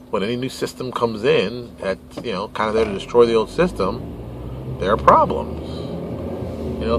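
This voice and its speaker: A man hosting a casual monologue, animated and exasperated, acting out quick mock dialogues while recording outdoors near traffic. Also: mid-range voice. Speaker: podcast host and game publisher.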